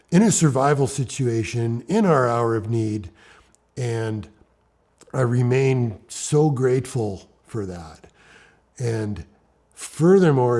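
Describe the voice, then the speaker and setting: Man, husky, mellow, animated storyteller, hushed to loud, interview. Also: medium pitch. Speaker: interviewee, rock climber.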